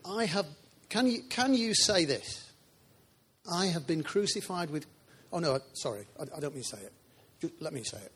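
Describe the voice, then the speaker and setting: A man's voice: fairly high pitch, big pitch swings, brisk, a bit bright, a little hiss or hum. A man preaching a sermon in a church, chatty and informal, with asides to the congregation.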